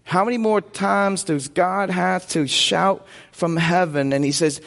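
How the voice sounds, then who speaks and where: Brief: male pastor, fairly high voice, preaching in a hall with a long echo, call-and-response. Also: expressive, moderate pace, vocal fry, hardly any pauses, fairly bright tone. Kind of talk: sermon.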